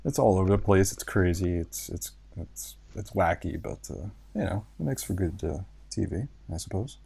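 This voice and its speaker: A man with a very deep, husky voice hosting a casual podcast. He rambles and hesitates, yet his pitch swings about in a lively way. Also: moderate pace. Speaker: podcast host. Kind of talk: casual chat.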